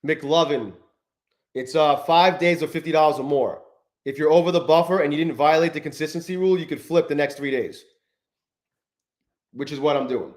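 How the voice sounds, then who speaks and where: A man's voice: fairly high pitch, normal speed, long pauses. A man live-streaming his trading, swearing often and berating himself, breaking off to greet viewers from the chat by name. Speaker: livestreaming day trader.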